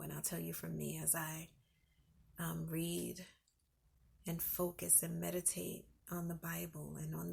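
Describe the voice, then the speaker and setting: A woman hosting a faith-based podcast, who speaks like a parent and tells everyday stories conversationally, sometimes dropping to a soft whisper for emphasis. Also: lowish voice, gravelly, slightly rough. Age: adult with children. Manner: uses everyday examples and asks the listener to picture them. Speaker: podcast host. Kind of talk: faith-based encouragement talk.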